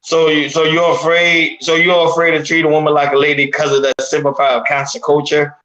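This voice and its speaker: A man co-hosting a casual talk show, giving his opinions in an earnest, measured way. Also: fairly high pitch, completely flat delivery, bright, forceful tone. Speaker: co-host. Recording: echoey room.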